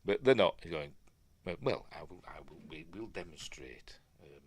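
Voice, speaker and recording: In a deep, animated voice at a moderate pace, a middle-aged man from Yorkshire hosts a film review, offering casual, rambling commentary. He speaks with a Yorkshire accent and keeps breaking off for chatty, self-deprecating asides.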